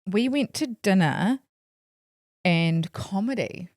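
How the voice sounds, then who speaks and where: A woman co-hosting a money podcast in casual chat, talking fast with lots of "like" and retelling stories with quoted voices. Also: medium pitch, expressive, a little mellow, dry recording, clean studio sound. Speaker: podcast co-host.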